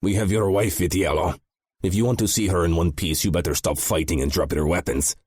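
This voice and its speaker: Male narrator putting on a sneering Russian thug, quick and raised in pitch, taunting. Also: steady tone, darkish tone, slightly rough, no room sound, studio quality. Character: menacing adult male Russian mobster, taunting.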